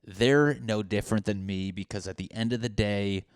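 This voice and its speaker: Young male podcast host, solo comic monologue, rambling and self-deprecating, smooth tone, dry close sound. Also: fairly low pitch, fairly even intonation, normal speed, no echo. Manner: rambling, self-mocking, bursts into mock voices.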